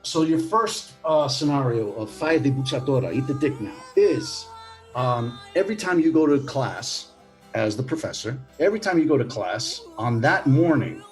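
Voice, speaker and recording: A man's voice: medium pitch, animated, moderate pace, faint music behind. A man co-hosting a casual podcast, talking in a playful, teasing way with lots of fillers. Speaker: podcast co-host.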